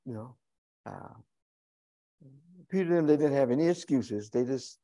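A man's voice: medium pitch, animated, moderate pace, mellow. A male pastor preaching a sermon in a folksy, conversational way, with humorous asides to the congregation.

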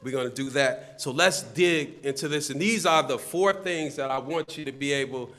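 A man preaching a sermon as a deacon, swelling to loud emphatic peaks on key phrases, repeating words and joking with the congregation. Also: mid-range voice, moderate pace.

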